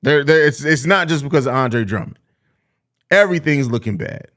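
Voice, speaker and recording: Male podcast host, casual and profane, snaps back at chat with sarcasm; voice sits a bit high. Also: normal speed. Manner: blunt, profane, sarcastic, animated. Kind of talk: casual live-stream sports talk.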